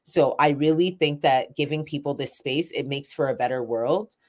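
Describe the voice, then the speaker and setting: A woman poet and event organizer talks through her story in a low voice. She is candid and self-described shy, drifting through fillers and soft laughs as she thinks aloud. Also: moderate pace. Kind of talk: reflective interview conversation.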